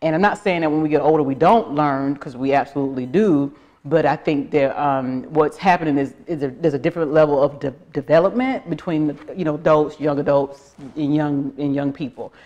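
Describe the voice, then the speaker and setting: A woman's voice: low-pitched, brisk, mellow, highs cut off. A middle-aged woman with a Southern US accent hosting a casual livestream, chatting and greeting viewers by name. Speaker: livestream host. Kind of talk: casual live-stream chat.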